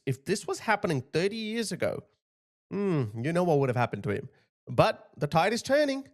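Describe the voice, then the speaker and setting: A man hosting a commentary channel, talking emphatically and indignantly over video clips. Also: medium pitch.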